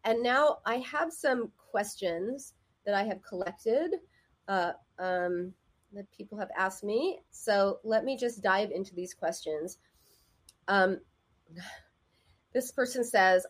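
A woman's voice: medium pitch, lively intonation, takes it slowly. A woman therapist giving advice in a casual, conversational way, often acting out the voices of people she quotes.

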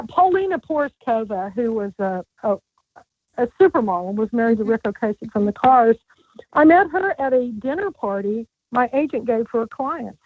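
A woman's voice: a little high, slightly rough, no room sound. A woman guest author calling in, telling rambling stories with lots of restarts. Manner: chatty, rambling, stammering restarts. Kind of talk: casual storytelling interview. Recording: thin phone-line sound.

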